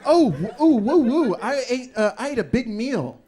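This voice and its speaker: A man hosting a live improv comedy show who rambles loudly, swears and laughs. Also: extremely high pitch, sing-song, normal speed. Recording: live room with audience noise.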